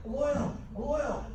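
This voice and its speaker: Animated woman trainer in an echoey hall. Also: sits high. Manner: animated, playful, exclaims often. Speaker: team trainer. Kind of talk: lively training demo with a live audience. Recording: echoey room, voice from far off, background noise.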